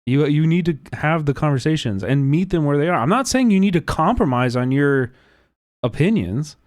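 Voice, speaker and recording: A man hosting a livestream, talking casually in an animated, profane, rambling way with many restarts. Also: on the high side, moderate pace, no room sound, clean studio sound. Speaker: livestream host. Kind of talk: casual reaction chat.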